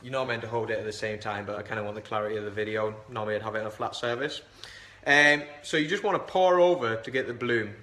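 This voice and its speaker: A man's voice: lowish voice, fast talker, sharp tone. Chatty man in an echoey room. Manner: chatty, rambling, self-deprecating. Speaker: coffee reviewer. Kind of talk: casual how-to vlog.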